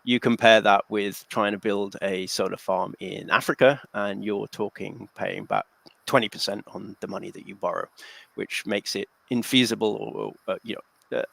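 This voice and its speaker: A man's voice: on the low side, moderate pace, gravelly, fairly bright tone, no room sound. A man speaking as a panel guest, making his points thoughtfully with many fillers and restarts. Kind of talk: discussion.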